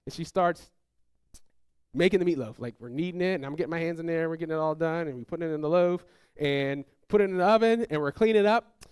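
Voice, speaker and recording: A man's voice: on the high side, fast talker, clean tone, dry recording, studio quality. A man preaching a sermon to his congregation, telling family stories and acting out the people in them. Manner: animated, acts out family quotes in raised voices; addresses congregation, asks them to call out. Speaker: pastor. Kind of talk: sermon storytelling.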